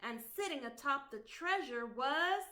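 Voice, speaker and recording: Expressive woman reading a picture book. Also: sits high, unhurried. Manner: expressive, sing-song reading. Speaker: children's librarian. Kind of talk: storytime read-aloud.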